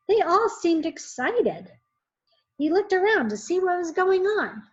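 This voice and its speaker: A woman teacher reading a children's book aloud in an expressive, measured way. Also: a little high. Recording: muffled lo-fi recording.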